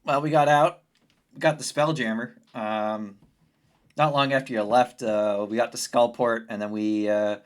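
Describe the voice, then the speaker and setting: A tabletop player who rambles through explanations, restarts sentences and breaks into laughter. The talk is casual, with a wandering, middle-of-the-road pitch. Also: fairly even intonation, a little slow. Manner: rambling, self-interrupting, laughs often.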